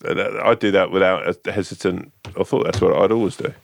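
A man's voice: low voice, fairly even intonation, fairly quick, creaky, dry recording, clean studio sound. A man co-hosting a podcast, telling long, jokey, rambling stories and swearing casually. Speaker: podcast co-host. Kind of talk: casual chat.

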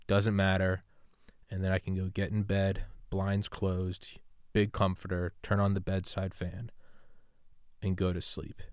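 A man hosting a podcast in casual talk, rambling and swearing, sliding between quiet musing and loud fired-up pep talk. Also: deep voice, clean tone, dry recording, studio quality. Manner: rambling, profane, swings from subdued to loud and fired-up. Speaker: podcast host. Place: home room with gaming setup.

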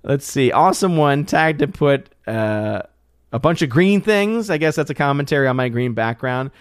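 Chatty man with a smooth, dry voice. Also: medium pitch, expressive, normal speed, dry recording. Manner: chatty, loose, many fillers and restarts. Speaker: channel host. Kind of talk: casual live-stream chat.

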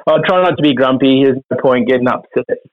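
This racing team manager speaks in a mid-range voice, answering interview questions cheerfully yet cautiously. He stumbles through fillers and restarts, and the audio is a dry recording that sounds like a phone call.

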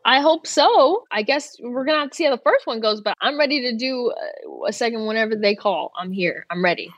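A woman's voice: fairly high pitch, animated, fairly quick, fairly bright tone, dry recording, muffled recording. A young woman guest on a talk show, chatting casually with many filler words and easy laughs. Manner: chatty, lots of "like" fillers and restarts, laughs easily. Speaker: actor guest.

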